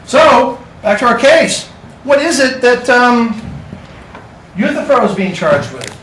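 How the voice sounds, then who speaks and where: A man's voice: extremely high pitch, very animated, slow pace, a bit bright, recorded from a distance, a little hiss or hum. A man teaching a class, with a casual, joking lecture manner. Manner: casual, joking, talks to students. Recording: echoey classroom recorded from afar.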